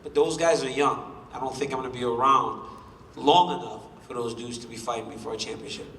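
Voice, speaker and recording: At a press conference, a champion fighter in his thirties answers questions briskly, his mid-range voice pushed and bright with fairly level intonation. He boasts and jokes while running down his rivals. The recording picks him up at a distance in a roomy hall, with slight background noise.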